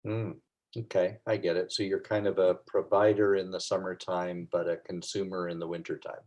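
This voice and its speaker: A man's voice: low-pitched, little pitch movement, moderate pace, darkish tone. A man hosting a webinar over a video call, asking curious questions and recapping the answers back in plain terms. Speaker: webinar host.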